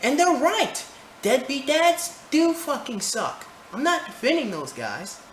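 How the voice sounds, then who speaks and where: A man's voice: very high voice, wildly swooping pitch, measured pace, a bit bright. Heated, profane man ranting in echoey room. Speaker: vlogger. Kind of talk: opinion rant to camera. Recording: roomy echo, faint background noise.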